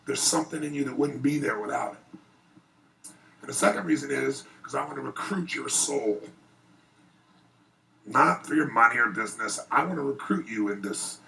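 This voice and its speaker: A man giving an earnest, animated personal storytelling speech at a private event before an audience. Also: medium pitch, vocal fry, distant mic, rough recording. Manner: earnest, animated, rising excitement in retellings. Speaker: motivational speaker.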